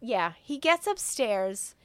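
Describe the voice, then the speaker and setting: A young woman with a fairly high voice tells a film plot to her co-host. She swears casually and acts out the characters' lines as she goes. The mic is close and dry. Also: slow pace, no echo. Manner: profane, animated retelling with quoted voices. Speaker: podcast co-host. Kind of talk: casual movie recap.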